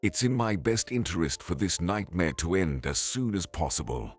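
A man's voice: low voice, very animated, moderate pace, slightly rough, heavily acted. A man voicing a cold, controlling rich husband who talks down curtly. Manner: curt, dismissive. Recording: faint music behind.

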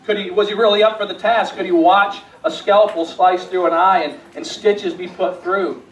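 A male pastor preaching a sermon in a church sanctuary, with a fairly high voice. He moves between quiet storytelling and rising, emphatic calls, and often repeats words as he restarts a phrase. The sound is echoey and a little distant, with a faint hiss behind. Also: fairly even intonation, normal speed. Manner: swings from hushed storytelling to rising emphatic appeals.

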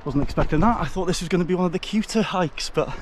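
A man's voice: high voice, fast talker. A Welsh man vlogging a mountain hike outdoors, chatty and out of breath, talking to viewers as folks. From Wales. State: out of breath from climbing. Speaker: hiking vlogger. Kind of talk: casual outdoor vlog narration. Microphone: camera mic while hiking. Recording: wind noise from outdoor camera mic.

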